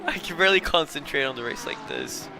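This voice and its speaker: A man's voice: fairly high pitch, wildly swooping pitch, fast talker, gravelly, bright, forceful tone, a little hiss or hum. A young man commentating a sim race live while fighting a bout of hiccups, apologising and laughing at himself between calls. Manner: flustered, self-mocking, apologetic between calls.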